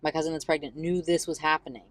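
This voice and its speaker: Low-voiced woman, rambling podcast co-host. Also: fairly even intonation, quick pace. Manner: rambling, filler-heavy storytelling, swears freely. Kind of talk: casual chat.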